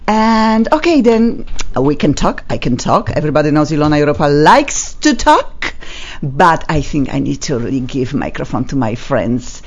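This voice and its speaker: A woman hosting a talk radio show in a studio, speaking playful non-native English with a lively, animated manner. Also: low-pitched, moderate pace, dull audio. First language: not English. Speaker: radio host.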